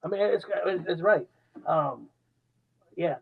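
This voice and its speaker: A man co-hosting a casual podcast chat, halting and stumbling, repeating words as he works out his point. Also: fairly high pitch, creaky, slightly rough, narrow, tinny audio. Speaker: podcast co-host.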